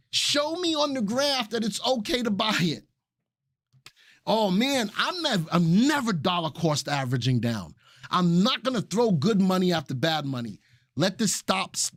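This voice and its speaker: A man hosting a live stock analysis webinar, excited and repeating phrases for emphasis while he talks to chat viewers. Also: sits high, no room sound, studio quality. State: excited and sweating. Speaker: stock market webinar host.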